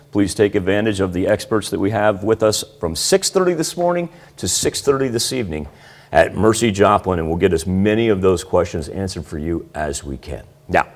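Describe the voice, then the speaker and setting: A man giving a morning TV weather forecast in an upbeat, conversational manner. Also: deep voice.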